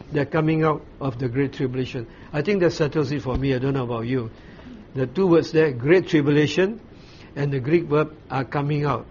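A man giving a Bible study, explaining scripture in a measured way with frequent pauses and restarts. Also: fairly high pitch, a little mellow. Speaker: Bible teacher. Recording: slightly dull recording with faint ambient noise.

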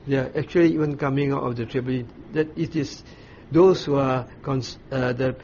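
A man giving a Bible study, explaining scripture in a measured way with frequent pauses and restarts. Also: mid-range voice, fairly even intonation, a little mellow. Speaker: Bible teacher. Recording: slightly dull recording with faint ambient noise.

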